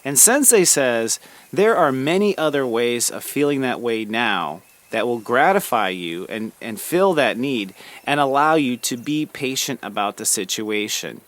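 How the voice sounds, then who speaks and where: A man hosting a daily spiritual talk, gently encouraging the listener and calling them friend. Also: medium pitch, sing-song, a little slow. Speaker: spiritual podcast host.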